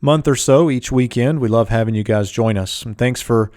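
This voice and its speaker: A man teaching a Hebrew language lesson in a calm, methodical way, walking through each term step by step. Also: medium pitch, normal speed, no room sound, clean studio sound. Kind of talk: screen-share Bible language lesson.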